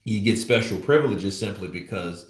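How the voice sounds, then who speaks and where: A man's voice: low-pitched, expressive, moderate pace. A man giving casual commentary on a boxing channel, rambling and blunt with lots of fillers. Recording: roomy echo.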